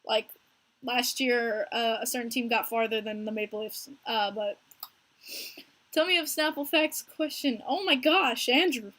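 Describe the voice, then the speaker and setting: A young American woman hosting a casual hockey podcast stream, talking in an animated, chatty way and answering viewers by name. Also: a little high, a little slow. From United States. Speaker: podcast host streaming live with chat.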